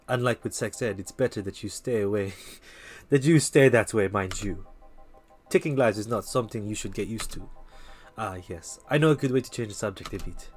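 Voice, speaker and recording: A worldly, hard-edged bar patron with a faux-Russian accent spins dark tales in a measured, lowered voice, as a man reads game lines. The tone sits on the low side. Faint music plays behind. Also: lightly acted. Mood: storytelling. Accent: put-on vaguely Russian. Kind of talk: reading game dialogue aloud.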